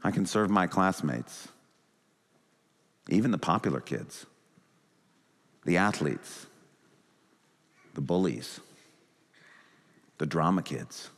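A male pastor preaching a sermon with animated delivery, acting out quoted thoughts in a rising and falling voice. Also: sits low, slow, long pauses, in a large hall. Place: church sanctuary.

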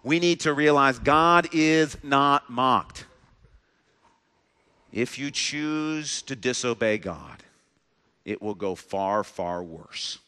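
A man's voice: mid-range voice, sharp tone. A male pastor delivering a sermon in a church sanctuary, earnest, with a repetitive preaching cadence. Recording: long reverb of a large hall.

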